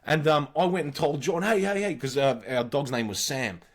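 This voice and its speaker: A man in his forties with an Australian accent, a podcast co-host telling wild childhood stories in a blunt, profane, animated way. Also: medium pitch, normal speed. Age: 40s. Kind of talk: casual storytelling.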